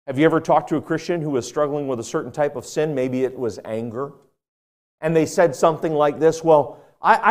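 A man preaching a sermon as pastor, emphatic and repeating key phrases, asking the congregation questions and dropping from loud stresses to quiet asides. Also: medium pitch.

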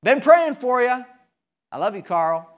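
A man voicing an elderly, kindly male preacher who greets his neighbor gently. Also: very high-pitched, very animated, a little slow, pitched above the performer's own voice, heavily acted. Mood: cheerful.

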